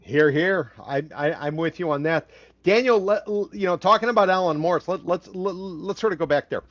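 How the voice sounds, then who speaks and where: An easygoing man hosts a casual podcast chat and agrees readily with his co-host. His voice is fairly high, and the recording sounds dull and dry, with no room around it. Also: normal speed, fairly bright tone, no echo.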